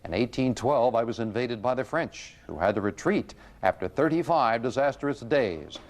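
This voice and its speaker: This quiz show host, heard over the loud crowd and noise of a 1980s television broadcast, reads out clues and jokes playfully with the contestants in a jovial manner. He has a mid-range, animated voice and keeps a moderate pace.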